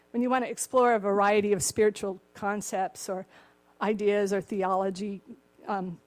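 Older woman preaching with a slightly cracked voice. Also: medium pitch. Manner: warm chuckling asides, acts out the story voices. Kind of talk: sermon.

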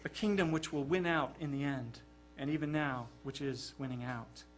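A man's voice: medium pitch, normal speed, slight background noise. A man preaching a sermon in an earnest, emphatic way, often repeating words as he presses a point.

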